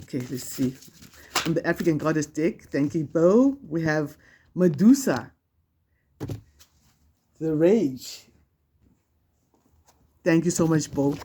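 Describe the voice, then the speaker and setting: A woman's voice: low voice, expressive, slow pace, long pauses, dark tone, husky. A woman doing a spiritual card reading to camera, speaking in a conversational, emphatic way, often repeating herself and restarting sentences. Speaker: tarot card reader.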